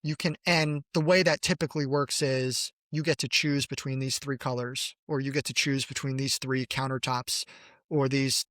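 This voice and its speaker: Man, podcast co-host, casual chat, giggly, rambles, middle pitch, dry close sound. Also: flat delivery, moderate pace, fairly bright tone, dry recording. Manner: chatty and giggly, trails off mid-thought.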